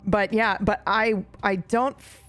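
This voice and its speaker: A woman's voice: medium pitch, fairly even intonation, slow, fairly bright tone, no echo. A woman in casual group chat, talking in a rambling, self-deprecating and fond way about roleplaying with a castmate. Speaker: roleplay streamer reflecting on a castmate.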